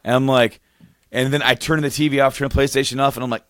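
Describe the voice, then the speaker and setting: A man co-hosting a casual podcast, rambling through a funny story, laughing often and getting excited as he goes. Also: mid-range voice, fast talker, clean tone, no echo. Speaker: podcast co-host. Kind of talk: casual chat, telling a story.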